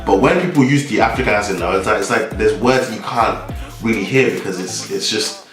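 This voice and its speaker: A man's voice: on the low side, fairly quick, a bit bright, faint music behind. Young man talking in a roomy space. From Nigeria. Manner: rambling, many restarts and "like" fillers. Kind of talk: casual vlog monologue.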